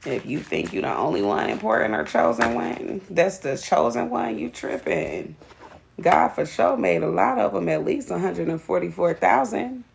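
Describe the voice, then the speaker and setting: A woman's voice: lowish voice, big pitch swings, normal speed, creaky, a little hiss or hum. A woman giving a live tarot reading, blunt and profane, greeting viewers by name. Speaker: tarot reader.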